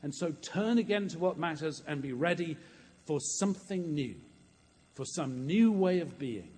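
A man's voice: fairly high pitch, animated, normal speed, a little mellow, husky, voice pushed up. A man voicing a stern divine figure scolding a weary leader, giving firm, exhorting commands in a reverberant church.

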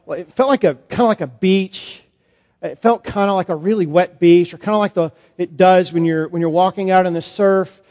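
A man, a priest, performing a first-person Bible monologue in a sermon, conversational and halting with fillers. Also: a little high, a little mellow. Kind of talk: dramatic monologue as Peter in a sermon. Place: church sanctuary. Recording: long church reverb.

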